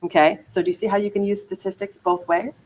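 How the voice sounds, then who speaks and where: A woman leading a real estate training class, emphatic and energetic, often checking in with "okay" and "you guys". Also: medium pitch, quick pace, poor audio. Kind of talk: training lecture to agents. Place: training room.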